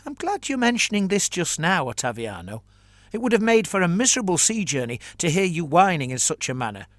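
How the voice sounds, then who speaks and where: A man voicing a sarcastic, confident male mercenary chancellor with a brisk, dismissive manner. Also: high voice, very animated, a bit bright, no room sound, voice pushed up.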